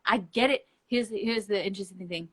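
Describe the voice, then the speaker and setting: A woman's voice: medium pitch, fairly quick. A woman talking as a guest in a casual live-stream conversation, blunt and emphatic, swearing freely and laughing between points. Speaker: interview guest.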